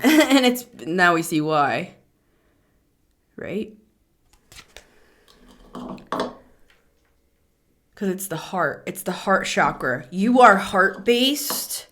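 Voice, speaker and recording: A woman giving a casual, chatty tarot reading to camera, animated and quick to laugh. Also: mid-range voice. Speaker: tarot reader.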